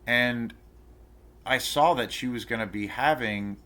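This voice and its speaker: Speaking at a medium pitch and a little slowly, this channel host sounds pushed and bright as he rants on camera. His casual vlog story is indignant and outraged, told in a meandering, profane way with plenty of fillers and restarts.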